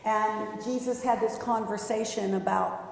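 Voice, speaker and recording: A woman's voice: mid-range voice, steady tone, a little slow, gravelly. A woman pastor delivering a sermon in a conversational, lightly humorous storytelling way. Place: church sanctuary. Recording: echoey church hall.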